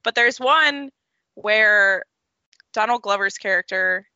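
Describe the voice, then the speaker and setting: A woman's voice: mid-range voice, slow pace, pushed and bright, no room sound. A young woman, a guest on a podcast, chatting and telling stories with self-deprecating humor. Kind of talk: casual podcast chat. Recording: slightly dull lo-fi audio.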